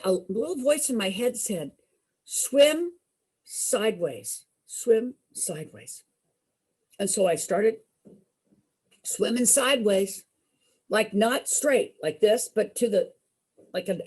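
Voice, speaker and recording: A woman's voice: medium pitch, measured pace, long pauses, husky. A middle-aged woman entertainer telling a personal story to a group, acting out the voices she quotes. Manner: animated, acts out quoted voices. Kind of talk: storytelling to an audience.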